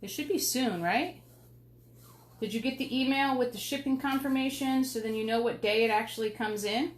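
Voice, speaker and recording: A woman, chatting excitedly with viewers while demonstrating a craft project. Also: on the high side, normal speed, a little hiss or hum. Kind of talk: casual live craft demo chat.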